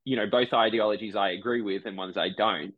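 A man's voice: lowish voice, fairly even intonation, brisk, narrow, tinny audio. A man from Brisbane, a podcast guest chatting casually, often correcting himself mid-sentence and acting out online commenters. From Brisbane, Australia. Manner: rambling, self-correcting, acts out online commenters.

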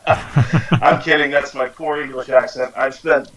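A man's voice: mid-range voice, measured pace, low-quality recording. A man in his forties from the United States, a podcast guest chatting casually and quoting himself as he tells stories. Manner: relaxed storyteller, quotes himself often. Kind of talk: casual interview chat.

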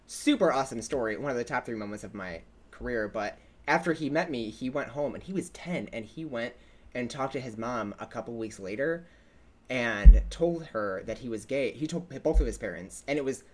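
A man's voice: medium pitch, normal speed, slight background noise. A man in his twenties with a slight lisp, co-hosting a casual chat and telling stories with lots of fillers and laughs. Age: 20s. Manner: lively storyteller, laughs often, many fillers. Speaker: podcast co-host.

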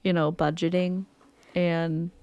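A woman's voice: fairly low pitch, flat delivery, takes it slowly, a little mellow, clean tone, no room sound. A young woman co-hosting a podcast, telling a story in casual chat and acting out what people said. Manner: chatty storyteller, acts out quotes. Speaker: podcast co-host.

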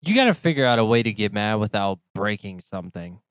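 A man's voice: lowish voice, sing-song, quick pace, clean tone, no echo, clean studio sound. A man co-hosting a casual podcast chat, blunt and profane, laughing along. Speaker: podcast co-host.

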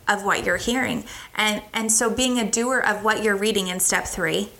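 Bright-voiced earnest American woman teaching faith. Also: medium pitch. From United States. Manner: earnest, emphatic, repeats phrases for effect. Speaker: Christian teacher.

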